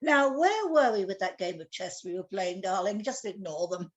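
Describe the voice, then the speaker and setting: A woman in her seventies voicing a relaxed, easygoing male god in a told tale, dropping her voice lower. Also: normal speed, natural voice.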